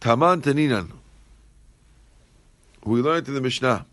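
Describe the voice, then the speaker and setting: A man teaching a Talmud class speaks unhurriedly in a medium-pitched, slightly bright voice, recorded dry. He reads Aramaic lines, explains them in plain English, and repeats his phrases often as he moves through the text.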